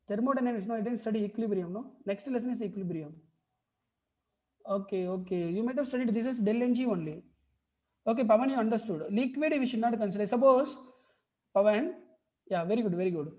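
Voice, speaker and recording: A woman's voice: medium pitch, fast talker, mellow. A woman with an Indian English accent teaching a chemistry class online, repeating points and often checking whether students follow. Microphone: video call mic.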